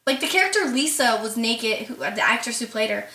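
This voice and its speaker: A woman's voice: fairly high pitch, animated, brisk, pushed and bright. A woman co-hosting a podcast, chatting bluntly and animatedly. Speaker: podcast co-host. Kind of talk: casual chat. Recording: echoey room.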